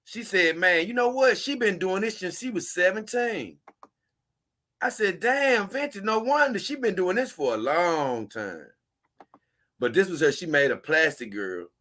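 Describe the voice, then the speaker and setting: Bright-voiced chatty man. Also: sits high, expressive, unhurried. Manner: rambling, chuckling, talks to viewers as y'all. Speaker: host. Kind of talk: casual commentary reading posts aloud.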